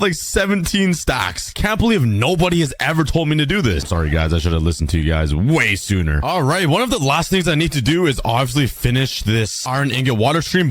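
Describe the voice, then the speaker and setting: A young man giving excitable Minecraft let's play commentary, exclaiming and laughing often. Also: medium pitch, no room sound. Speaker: gaming YouTuber.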